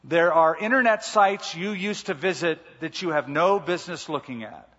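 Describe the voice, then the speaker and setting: A man's voice: on the high side, normal speed, fairly bright tone, husky. A male pastor preaching a sermon, emphatic and repeating key words. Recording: muffled hall reverb.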